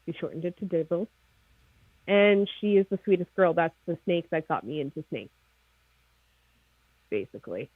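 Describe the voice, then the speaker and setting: A woman with a Maritime Canadian accent, a snake breeder chatting as a guest in a casual livestream interview, excitable and jokey. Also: on the low side, moderate pace, long pauses, slightly rough, no echo. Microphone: video call. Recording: tinny phone-like video call line.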